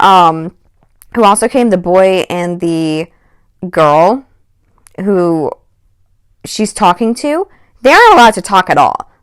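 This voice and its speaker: A woman's voice: medium pitch, smooth, no echo. Woman rambling thru a gossip storytime, lots of likes and ums, dry close sound. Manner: rambling, heavy on "like" and "um". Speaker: vlogger.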